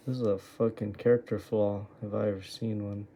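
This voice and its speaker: A man's voice: lowish voice, level tone, fairly quick, warm tone, slight background noise. A man going over his own trades and muttering to himself, exasperated and swearing at his own choices. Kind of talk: muttering self-critical screen review.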